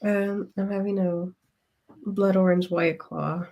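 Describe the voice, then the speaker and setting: A woman's voice: fairly low pitch, fairly even intonation, slow, gravelly, muffled recording. Rambling woman laughing through casual chat. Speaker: podcast co-host.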